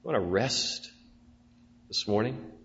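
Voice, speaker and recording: Slow-preaching man in a reverberant hall. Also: lowish voice. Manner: swings from loud emphatic preaching to soft prayerful tones. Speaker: pastor. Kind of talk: sermon. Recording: dull sound with long church reverb and faint hum.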